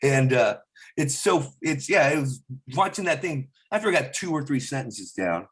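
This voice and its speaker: A male stand-up comedian chatting in an interview, rambling through stories and slipping into quick voices. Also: medium pitch, very animated, fairly bright tone. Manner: rambling, slips into voices and impressions mid-story. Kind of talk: casual interview chat with quick impressions.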